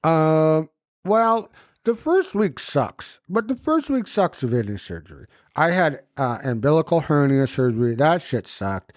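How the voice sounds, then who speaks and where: A man chatting on a comedy podcast, spinning stories and slipping into little acted voices for the people he quotes. His pitch leaps up and down as he talks. The sound is close and dry, with no room around it. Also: a little slow, no room sound. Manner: animated storytelling, swearing, acting out quoted voices. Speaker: podcast co-host. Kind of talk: casual comedic chat.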